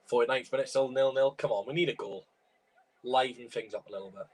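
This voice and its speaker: A man's voice: medium pitch, fairly quick. A young man from Wales with a tickly cough, doing live commentary and chatting while he watches a football stream at home. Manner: chatty, reacts loudly to chances, chants along to songs. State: tickly cough, sore throat. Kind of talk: live match commentary and chat.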